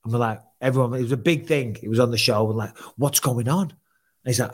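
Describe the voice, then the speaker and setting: A man's voice: medium pitch, fairly quick, slightly rough. A man, co-hosting a podcast and telling a story in casual chat, swearing often and acting out other people's lines. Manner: swearing, animated retelling with quoted voices. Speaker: podcast co-host.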